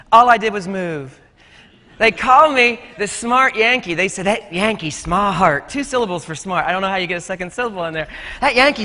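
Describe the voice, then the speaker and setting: On a conference stage, a middle-aged man gives a storytelling keynote full of folksy, joking tales about teaching and growing up. His voice is high-pitched, bright and forceful, and the hall echoes.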